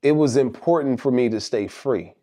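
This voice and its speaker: A man's voice: medium pitch, normal speed, mellow. A middle-aged man giving a motivational monologue, emphatic and rhetorical, repeating phrases for effect. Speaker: motivational speaker.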